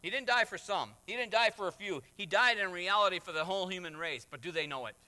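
A man's voice: sits high, quick pace, pushed and bright. A man preaching a sermon as pastor, emphatic, with acted asides and rising refrains. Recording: reverberant hall.

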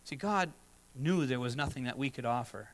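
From the pulpit, a middle-aged pastor speaks at normal speed in a middle-pitched voice, earnest but conversational, now and then acting out brief asides. The recording is low quality.

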